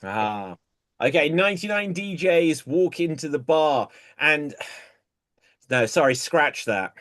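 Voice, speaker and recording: A man's voice: on the high side, expressive, a bit bright. A man hosting an improv comedy game, calling on players by name and telling his own bar jokes in a casual way. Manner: unhurried, calls on players by name.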